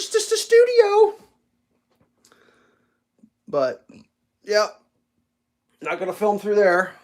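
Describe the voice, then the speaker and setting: A man hosting a casual home livestream, telling rambling stories and talking to his cat. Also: a little high. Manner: rambling storyteller, stammers on restarts; baby talk with his cat. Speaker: livestream host. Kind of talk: casual chat.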